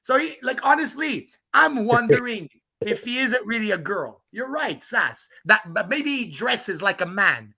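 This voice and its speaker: A man's voice: very high-pitched, animated, a little slow, gravelly, pushed and bright, husky. A man hosting a livestream outdoors, ranting and mocking a rival with profane jokes and laughter. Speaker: livestream host. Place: outdoors on a walk in the rain.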